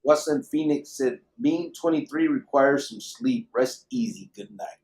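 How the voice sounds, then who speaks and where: A man's voice: medium pitch, unhurried, darkish tone. A middle-aged man hosting a live late-night podcast, reading viewer comments in a laid-back, profane, joking way. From Arizona. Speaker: podcast host.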